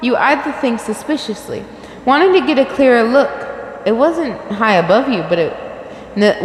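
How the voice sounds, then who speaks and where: A woman's voice: on the high side, reverberant, in a large hall, slight background noise. A young woman, reading fanfiction aloud and breaking off to react and joke. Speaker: fanfic reader.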